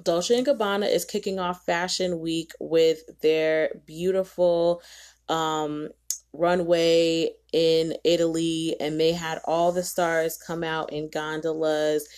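A woman's voice: sits low, flat delivery, takes it slowly, a little mellow, clean tone. A woman hosting a podcast, chatting casually and with strong opinions. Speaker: podcast host. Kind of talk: casual chat.

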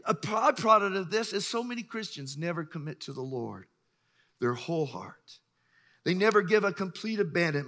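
A middle-aged man preaching a sermon, telling stories with lively acted-out voices and frequent chuckles. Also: high voice. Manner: animated storyteller, acts out voices, chuckles often. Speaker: pastor.

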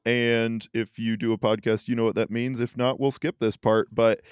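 Chatty man with a crisp, dry voice. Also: mid-range voice, level tone, moderate pace, dry recording. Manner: chatty, rambling storyteller. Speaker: podcast co-host. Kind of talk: casual podcast chat.

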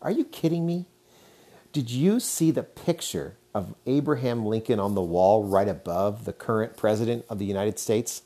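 A man's voice: on the low side, animated, moderate pace, mellow. A man in his thirties hosting a casual solo podcast, chatty, laughing often and using lots of fillers. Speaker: podcast host.

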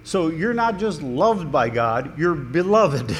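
A man preaches a sermon in a conversational, earnest way, making small restarts. His fairly high voice swings widely in pitch at a slow pace, captured with long hall reverb and faint room noise.

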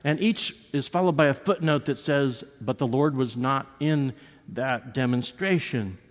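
Pastor preaching in a reverberant church. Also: male voice, medium pitch, a little slow. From United States. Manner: conversational, with frequent restarts and repeated words; acts out quoted lines with rises and drops in voice. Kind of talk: sermon. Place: church sanctuary. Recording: long reverb of a church sanctuary.

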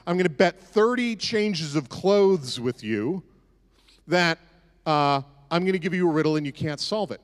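A man's voice: a little high, lively intonation, unhurried. A man in a sermon voicing a boastful, stubborn strongman who talks in a brash, dismissive way. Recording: echoey hall reverb.

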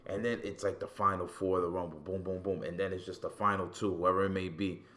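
A man with a somewhat low voice chats casually as a podcast co-host. He gets animated and profane, restarting phrases as his excitement builds. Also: fast. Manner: animated, profane, repeats words when excited. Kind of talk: casual wrestling talk.

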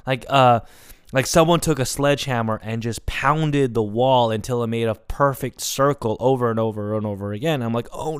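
Young man telling a raw story, smooth voice. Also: mid-range voice, dry recording, clean studio sound. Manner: emotional, rambling, many "like" fillers. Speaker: podcast host. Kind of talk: confessional solo storytelling.

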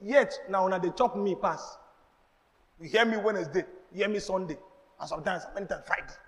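A man's voice: sits high, fairly bright tone. A man with a Nigerian accent, a pastor preaching a sermon with emphatic call-and-response to the congregation. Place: church. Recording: long reverb in a large hall.

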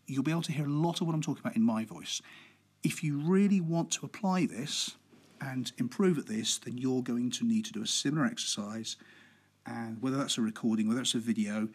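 A man hosting a podcast about public speaking, talking in a relaxed, conversational way with fillers and a deliberately slow pace. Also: mid-range voice, husky. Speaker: podcast host.

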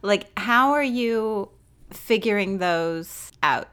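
A woman's voice: mid-range voice, expressive, slow pace, fairly bright tone, smooth. A woman interviewing a guest in a casual chat, thoughtful and searching for words as she asks her questions.

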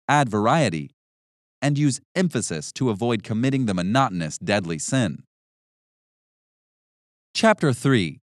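A man reading an instructional audiobook in a measured, instructive manner with deliberate emphasis. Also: mid-range voice, no room sound, studio quality. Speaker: narrator. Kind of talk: scripted audiobook narration.

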